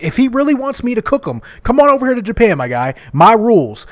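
A man with a high voice that leaps all over the place, trash-talking the game as he plays. He is loud and hyped, and he talks in a slangy, joking way. His running commentary keeps reacting to whatever happens on screen. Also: very animated, fast talker, hardly any pauses. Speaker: gaming YouTuber. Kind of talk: playing and commenting on a wrestling video game.

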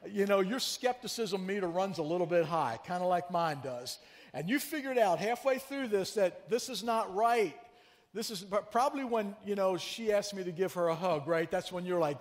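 A man preaching a sermon as pastor, telling a story in a chatty, animated way and teasing his congregation. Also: sits high, normal speed, big-room sound. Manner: conversational, animated storyteller who teases the congregation. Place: church sanctuary.

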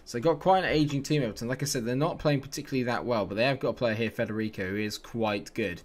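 A man giving live, animated commentary while playing a football management game, dropping to low mutters and rising to excited shouts. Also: quick pace. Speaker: video game player.

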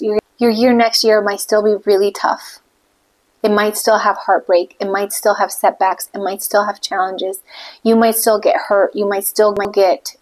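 A woman's voice: medium pitch, rough recording. A woman faith vlogger reading scripture and personal declarations aloud, then earnestly encouraging her viewers. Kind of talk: devotional encouragement over a routine video.

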